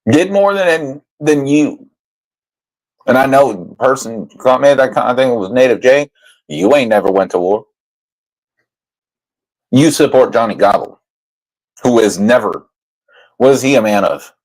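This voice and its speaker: A man's voice: mid-range voice, lively intonation, measured pace, pauses often, rough recording. A man ranting over clips as a commentary YouTuber, profane and mocking. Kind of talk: reaction commentary rant.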